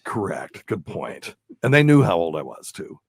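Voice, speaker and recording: A man's voice: low voice, sing-song, normal speed, breathy edge, no echo. A man hosting a radio talk show, telling a long story in a rambling, casual way with lots of fillers and chuckles. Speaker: radio show host and doctor.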